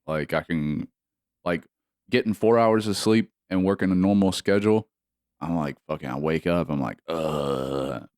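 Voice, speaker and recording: A man's voice: sits low, normal speed, a little mellow, no echo, studio quality. A man co-hosting a podcast in casual chat, cursing freely and laughing often. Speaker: podcast co-host.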